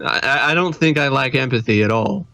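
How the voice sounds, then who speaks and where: A man's voice: mid-range voice, animated, a little fast, gravelly, pushed and bright, no room sound. A man co-hosting a podcast in casual chat, laughing often. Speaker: podcast co-host.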